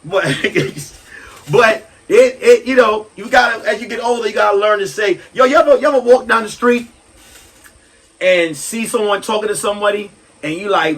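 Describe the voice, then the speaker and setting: A man in his thirties hosting a solo comedy podcast, ranting loudly and animatedly and breaking into shouts. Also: sits high, moderate pace, breathy edge, distant mic, low-quality recording. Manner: loud, animated, swings into shouting. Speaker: podcast host.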